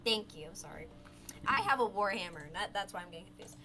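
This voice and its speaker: A woman playing a tabletop game, excitable and stammering over her words. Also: mid-range voice, a little fast, crowd noise. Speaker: player.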